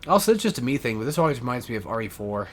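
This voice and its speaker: A man narrates his own gameplay in a loose, meandering way, dropping curses and stopping to correct himself. His voice sits at an ordinary middle pitch. A faint hiss of background noise runs under the recording. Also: sing-song, very fast, a bit bright. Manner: rambling, swears often, self-correcting. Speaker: let's play gamer. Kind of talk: casual gameplay commentary.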